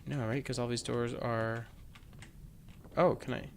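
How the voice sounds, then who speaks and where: A man's voice: mid-range voice, steady tone, unhurried, creaky, a little hiss or hum. A man playing a mystery video game and thinking aloud, unsure and musing as he goes. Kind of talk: let's play commentary.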